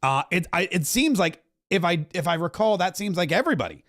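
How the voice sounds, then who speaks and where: A middle-aged man talks over a live broadcast as a podcast host, keeping up a chatty, wry running commentary. His voice sits a little high for a man. He tosses in quick asides as he goes. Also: sing-song, a bit bright.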